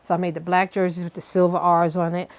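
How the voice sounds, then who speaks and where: A woman's voice: lowish voice, fast. A middle-aged woman from Brooklyn, telling stories as an interview guest and acting out other people's lines. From Brooklyn, New York. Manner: animated storyteller who acts out other people's lines. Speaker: guest, fashion designer. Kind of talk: casual interview storytelling.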